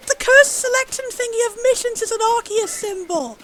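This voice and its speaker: A woman streaming a game, gushing with excitement and commenting on everything she sees. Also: very high voice, a little fast, slight background noise, rough recording. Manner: bubbly, gushing, easily excited. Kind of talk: live gameplay commentary.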